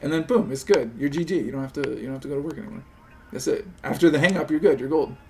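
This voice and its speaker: A man hosting a live stream, chatting casually and talking a friend into things in an animated, persuasive way, swearing freely and acting out little pleading voices. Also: on the high side, racing, creaky, a little hiss or hum. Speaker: streamer host.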